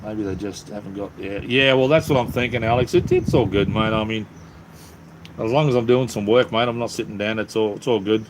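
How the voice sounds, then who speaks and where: A man's voice: lowish voice, fairly quick, background noise. A man with an Australian accent chatting casually on a live stream, answering viewers in an easygoing way with lots of ums and restarts. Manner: easygoing, repeats "it's all good, mate", many ums and restarts.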